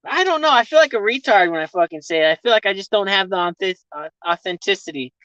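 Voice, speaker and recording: A man's voice: sits high, quick pace, bright, forceful tone, no room sound. A man chatting with viewers on a casual live stream, rambling, swearing freely and laughing often, talking from his vehicle. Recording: dull lo-fi stream audio.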